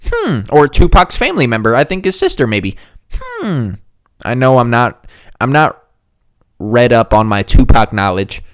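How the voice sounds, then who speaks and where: A man's voice: medium pitch, sing-song, moderate pace, smooth, dry recording, studio quality. A man hosting a gaming video, giving a heated, sarcastic and profane reaction rant. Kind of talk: ranting reaction commentary.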